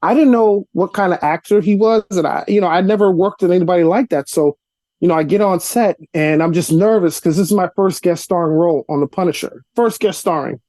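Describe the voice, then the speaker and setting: A man's voice: fairly quick, no room sound. A young adult man from Brooklyn, a guest telling casual stories in an interview over a video call from his apartment, acting out dialogue as he goes. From Brooklyn, New York. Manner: animated storyteller, acts out dialogue with rising pitch. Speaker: actor and comedian guest. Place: cluttered apartment room.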